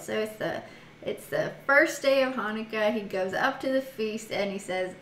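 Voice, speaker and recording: A woman's voice: on the high side, moderate pace, fairly bright tone. A woman casually leading a Bible study, reading scripture aloud, giggling often and stopping to muse on what she reads. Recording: echoey room with faint noise.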